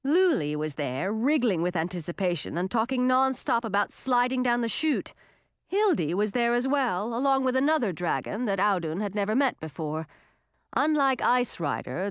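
A woman's voice: mid-range voice, no room sound. Woman narrating a storybook, dry sound. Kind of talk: audiobook narration.

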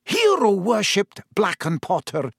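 A man's voice: high voice, huge pitch swings, measured pace, creaky, husky, no echo, studio quality, voice pushed up, heavily acted. A man voicing a stern older woman teacher who speaks in a clipped, thick-voiced manner. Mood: rueful.

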